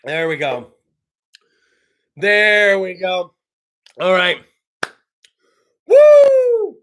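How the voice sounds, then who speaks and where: A man hosting a casual internet talk show, telling stories in a slangy, profane, animated way with sudden whoops. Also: sits high, drawn-out words. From California.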